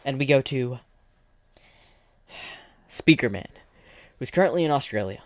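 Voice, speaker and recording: A man's voice: medium pitch, expressive, measured pace, long pauses, no echo. A man streaming and narrating an improvised fan story, rambling and restarting sentences.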